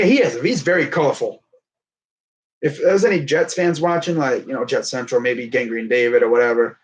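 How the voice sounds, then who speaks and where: A young man talking sports in a casual, excitable, rambling way, with plenty of trash talk. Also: medium pitch. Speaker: sports fan streamer.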